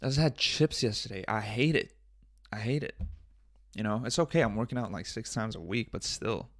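Hosting a solo podcast, a man speaks at normal speed in an animated, lowish voice with a slightly bright quality. He's casual and rambling, joking, cursing frequently, and addressing himself, in a studio-quality recording with no echo.

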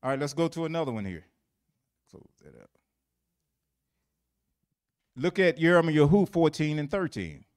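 A man's voice: on the high side, animated, a little slow, pauses often. A man teaching a Bible lesson, quizzing listeners with fill-in questions and repeating phrases for emphasis.

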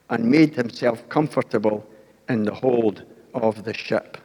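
A man's voice: medium pitch, darkish tone, breathy edge, in a large hall. An older man preaching a sermon, telling the story with acted-out voices and asking the congregation questions.

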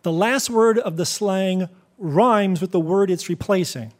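A man serving as the puzzle expert on a quiz show, explaining rules clearly. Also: sits high, unhurried.

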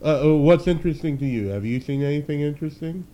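A man's voice: on the high side, fast, warm tone. A man co-hosting a casual chat, joking crudely and laughing often. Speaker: podcast co-host.

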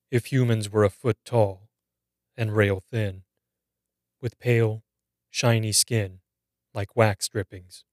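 A man narrating a scripted horror story in a measured, grave reading. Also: lowish voice, dry recording, clean studio sound.

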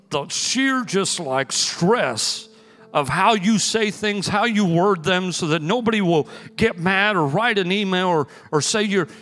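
A pastor preaching a sermon in a church, telling stories with energetic, emphatic bursts. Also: male voice, high voice. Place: church sanctuary. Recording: long hall reverb with faint music.

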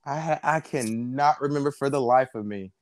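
Coach in his twenties, smooth tone, dry close recording, rambling relaxed chat. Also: medium pitch, normal speed, no echo. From South Georgia, US. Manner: relaxed storyteller, many fillers. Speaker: wrestling coach, guest. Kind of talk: casual interview chat.

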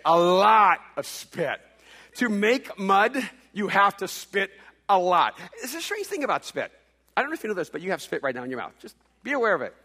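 A man gives a sermon in a high, bright voice, jumping between playful humor and stammered restarts as he tells his story. His words echo through a large hall with a long reverb tail. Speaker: pastor.

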